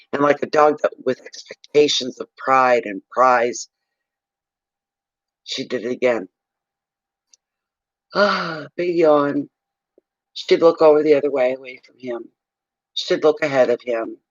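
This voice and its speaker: A man from eastern Canada who reads for clients, telling a rambling, animated story in a casual livestream chat. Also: medium pitch, measured pace, long pauses, dry recording, muffled recording. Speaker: psychic reader telling a story.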